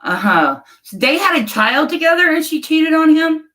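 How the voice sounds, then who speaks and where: A woman's voice: high voice, very animated, moderate pace, fairly bright tone, rough recording. A middle-aged woman hosting a casual livestream, reading viewer comments and talking bluntly and emotionally, often laughing. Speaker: livestream host chatting with viewers.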